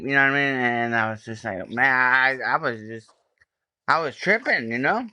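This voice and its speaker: A man's voice: mid-range voice, moderate pace, sharp tone, clear, resonant tone, dry recording. A man hosting a podcast interview, affirming his guest and talking casually with lots of "man" and "bro". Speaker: podcast host.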